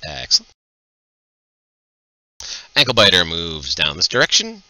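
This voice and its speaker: A man running a tabletop game as game master, joking and narrating quickly. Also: low voice, huge pitch swings, pushed and bright, no room sound.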